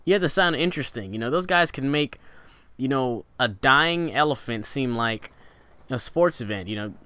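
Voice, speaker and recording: A young man hosting a gaming channel, talking casually through tips, rambling with fillers and restarts, his pitch rising and falling for emphasis. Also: lively intonation, moderate pace, pushed and bright, clean tone, dry recording. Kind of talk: casual instructional vlog talk.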